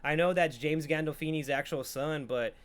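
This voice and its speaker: A man's voice: a little high, normal speed. A man hosting a podcast, casually reacting to a trailer and reviewing a movie in a profane, rambling, jokey way. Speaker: podcast host.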